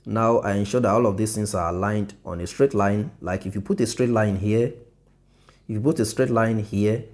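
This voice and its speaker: Man with a lowish voice, loose and repetitive, teaching design on a phone. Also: moderate pace. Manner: loose, repetitive, self-correcting, laughs softly. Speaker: design tutor. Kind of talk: casual screen-share design tutorial.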